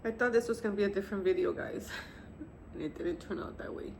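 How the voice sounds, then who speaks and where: A woman in her fifties, a grieving mother, telling the story of her son's death to camera in a soft, halting, tearful way. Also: mid-range voice, vocal fry, slight background noise. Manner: soft, halting, tearful retelling with quiet pauses. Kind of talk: emotional personal testimony to camera.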